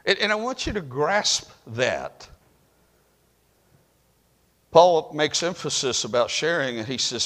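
Folksy male preacher, lively pitch, church hall reverb. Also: measured pace, pauses often. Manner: folksy, emphatic, swings from quiet to loud. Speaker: pastor. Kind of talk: sermon. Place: church sanctuary.

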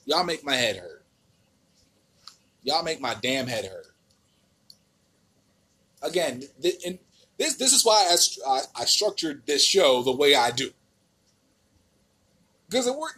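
A man's voice: high voice, big pitch swings, a little slow, pauses often, pushed and bright, husky. A man with an American accent hosting a podcast, ranting in a casual, exasperated and profane way with many restarts. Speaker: podcast host.

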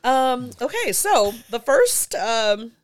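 A woman co-host chatting casually on a podcast. Her pitch runs a little high and swings widely as she talks. She laughs often between words, and the sound is close and dry. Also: big pitch swings, takes it slowly, dry recording. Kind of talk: casual chat.

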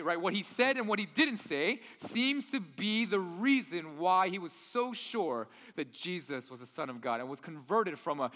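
A man's voice: a little high, sharp tone. A man preaching a sermon in a church hall, talking in an enthusiastic, nerdy, conversational way. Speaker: pastor.

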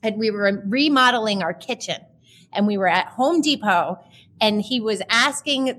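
A woman's voice: medium pitch, fairly bright tone. A woman in her thirties telling her personal story as a podcast guest, chatty and emotional, with many fillers.

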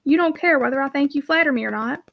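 A woman's voice: sits high, quick pace, vocal fry, no room sound, lo-fi sound. A woman voicing a reserved, brooding young male mill owner in a storybook reading, giving curt, guarded replies. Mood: wry.

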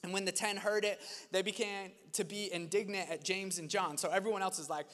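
A man preaching in a high, ringing voice, earnest and chatty. His bright tone carries through the long echo of a big church hall. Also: steady tone, a little fast. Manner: earnest and conversational, laughs at his own stories. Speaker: pastor. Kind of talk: sermon. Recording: long reverb of a large hall.

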